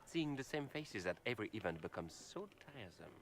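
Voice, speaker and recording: A bored, haughty nobleman at a glittering party, drawling his courtesies in a low, weary voice. His speech sounds faintly aloof and put upon. Soft room sound sits faintly behind him. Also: sing-song, fairly quick, a little hiss or hum. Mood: bored courtesy. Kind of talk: game voice acting.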